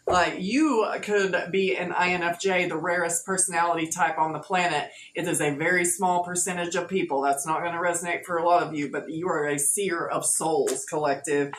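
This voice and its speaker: A woman with a lowish voice chats her way through a tarot reading, playful and slangy. The sound is roomy and echoey, with a faint hum of ambience behind her. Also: fairly even intonation, normal speed. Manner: playful, laughing, slangy, sings snatches of songs. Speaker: tarot reader.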